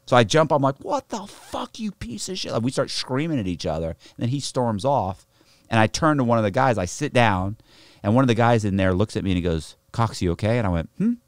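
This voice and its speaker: A man's voice: on the low side, fast talker, smooth, no echo. A middle-aged man, a podcast guest, telling a story in casual, profane talk and acting out the people in it. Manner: profane, animated, acts out the other people in his story.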